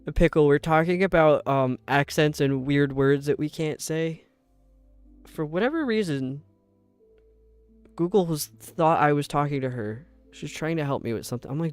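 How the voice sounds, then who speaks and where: A young man with a New York accent chatting casually with viewers while streaming, rambling and sounding out words slowly. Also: on the high side, smooth. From upstate New York. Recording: dry close mic with faint game music.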